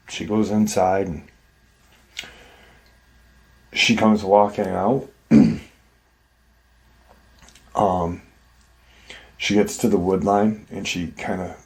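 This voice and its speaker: Slow, low-voiced male storyteller. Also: darkish tone. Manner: loose and conversational, many fillers. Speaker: host and storyteller. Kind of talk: casual storytelling of a retold encounter.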